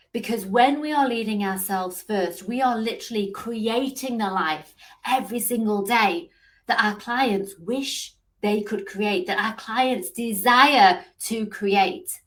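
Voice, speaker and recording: A woman business coach giving an earnest live motivational talk, stressing points with rhetorical questions. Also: on the high side.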